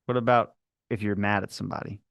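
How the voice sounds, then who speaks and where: A man's voice: fairly low pitch, fairly even intonation, quick pace, gravelly, no echo, clean studio sound. A man from Maryland with a Baltimore accent, hosting a casual podcast chat, curious and rambling as he talks. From Maryland, United States. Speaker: podcast host.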